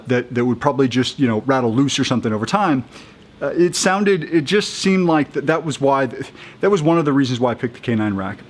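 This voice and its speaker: A man talking casually in a how-to video, halting and upbeat, with many restarts and fillers as he works. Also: medium pitch. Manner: chatty and upbeat. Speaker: vlogger installing a roof rack.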